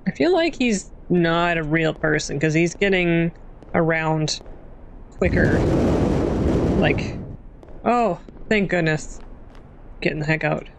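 A woman's voice: low voice, expressive, slow pace, creaky, long pauses, heavy background noise. A young woman casually commenting on a horror game as she plays, jumpy and self-mocking. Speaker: gaming channel host.

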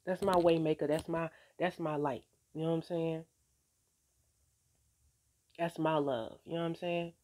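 A woman's voice: sits low, steady tone, measured pace, pauses often, darkish tone. A woman talking in a casual faith-filled vlog, laid-back and streetwise, swearing casually and encouraging viewers while often repeating "you know what I'm saying.". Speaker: vlogger.

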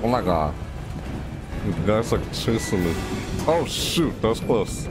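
A horror-game player talks slowly between scares, then leaps into sudden high shrieks, with the pitch swinging wildly all the time. Cries of alarm come again and again in a nervous, jumpy flow. Loud, tense game music plays under the voice throughout. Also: very animated. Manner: panicky, yelps and shrieks, repeats "oh my god". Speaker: gaming channel host. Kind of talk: horror game let's play commentary.

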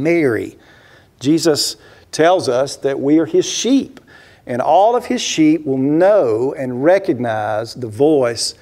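A male pastor delivers a sermon in a church sanctuary, spinning a story packed with rhetorical questions and voicing the people he quotes. His voice is fairly high in pitch with a darkish tone.

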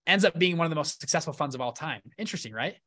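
A man giving an energetic live seminar talk, keeping his audience with him through frequent "right?" and "okay?" check-ins. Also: fairly high pitch, very fast. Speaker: fund-launch presenter at a live event.

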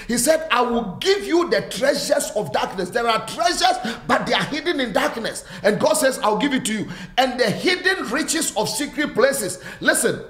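High-voiced preacher man, echoey room. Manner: fervent, repetitive preaching with rising exclamations; quieter, friendly greetings to online viewers. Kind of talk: sermon.

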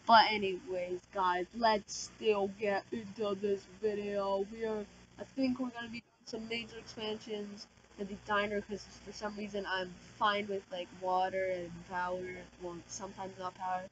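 A woman giving casual, slangy gameplay commentary as a channel host, talking loudly and excitably. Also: mid-range voice, moderate pace, muffled recording, slight background noise. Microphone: desk microphone.

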